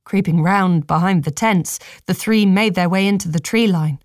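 Steady woman reading a fantasy audiobook. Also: fairly low pitch, dry recording, clean studio sound. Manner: measured, steady storytelling. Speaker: narrator. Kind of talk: audiobook narration.

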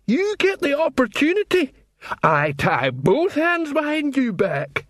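A man voicing a huge slow-witted male troll who speaks in broken grammar. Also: very high-pitched, huge pitch swings, a bit bright, dry recording, studio quality, voice pushed up, full character voice. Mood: threatening.

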